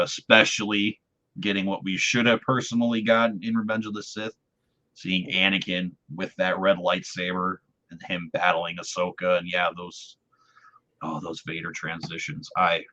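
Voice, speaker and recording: A man's voice: low-pitched, sharp tone. A man hosting a podcast, chatting casually and enthusiastically as a fan. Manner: enthusiastic, talkative. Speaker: podcast host. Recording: dull lo-fi audio.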